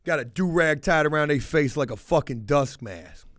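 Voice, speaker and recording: High-voiced, foul-mouthed man rambling. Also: expressive, normal speed. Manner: profane, rambling, blunt. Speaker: livestream host reading chat. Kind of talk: casual livestream chat.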